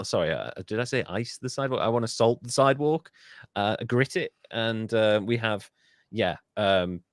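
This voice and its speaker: Jokey sweary podcast host. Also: male voice, medium pitch, no echo, studio quality. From England. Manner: swears freely, jokey, mimics people in silly voices. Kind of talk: casual podcast chat.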